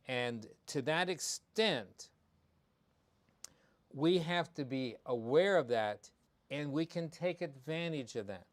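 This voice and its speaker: A veterinarian hosting a live show on pet behavior talks emphatically, repeating his key points amid many ums and restarts. His voice is on the high side, animated, and slow.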